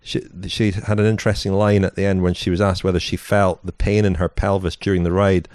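A man's voice: sits low, flat delivery, fairly quick, a little mellow, dry recording, clean studio sound. A man co-hosting a podcast, telling a story in a meandering way with many "you know"s and restarts. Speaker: podcast co-host. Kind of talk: casual chat.

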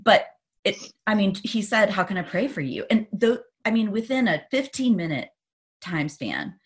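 A woman who is a podcast guest, telling personal stories in an animated way and laughing often. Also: medium pitch, normal speed. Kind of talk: conversational interview.

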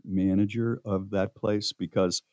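A man's voice: fairly low pitch, flat delivery, unhurried, darkish tone, no echo. A man hosting a radio show, chiming in with dry, teasing jokes. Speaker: radio host. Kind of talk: casual studio banter.

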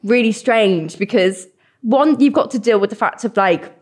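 A young woman, a podcast guest chatting casually and telling animated, giggly stories. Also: mid-range voice, moderate pace. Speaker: podcast guest, content creator. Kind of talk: casual chat.

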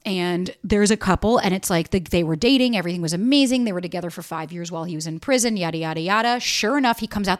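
Blunt, animated woman podcaster. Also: medium pitch, no room sound, clean studio sound. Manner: blunt and animated, swears freely, mimics people in quotes. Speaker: podcast host. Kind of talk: casual solo podcast advice.

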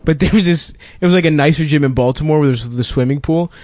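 A man's voice: on the high side, quick pace, darkish tone, no room sound, clean studio sound. A man co-hosting a comedy podcast, telling a crude story in casual chat. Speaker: podcast co-host.

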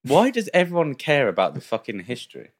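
A man's voice: a little high, huge pitch swings, fairly quick, a crowd in the background. A young man co-hosting a casual podcast, telling stories with quoted voices and plenty of swearing. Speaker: podcast co-host. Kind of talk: casual chat.

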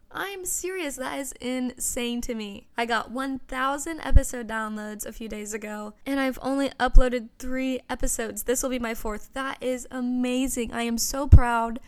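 A woman's voice: a little high, a little mellow, smooth. A young woman hosting her own podcast, talking casually and earnestly with lots of "you know" asides. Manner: chatty, earnest and gushing, with frequent "you know". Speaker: podcast host. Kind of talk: casual solo podcast chat.

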